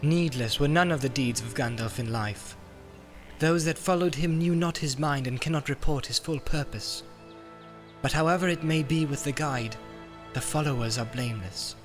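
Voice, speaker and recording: A man reading an audiobook, voicing an ancient, wise elf queen who speaks gravely and solemnly. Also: medium pitch, moderate pace, faint music behind, voice pushed up, natural voice.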